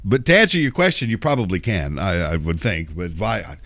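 A man rambles through a talk radio monologue, sarcastic and profane, restarting his sentences. His pitch swings widely as he talks, and the sound is dry and close. He is getting over a cold. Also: expressive, normal speed, a bit bright, no room sound. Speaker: radio show host.

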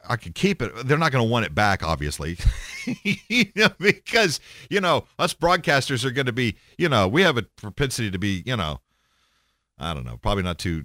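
A man hosting his own podcast, holding forth in a blunt, profane, rambling way. His pitch swings widely as he talks, and his voice sounds dry and close to the mic with no room around it. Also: sharp tone, no room sound. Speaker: podcast host. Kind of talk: casual monologue.

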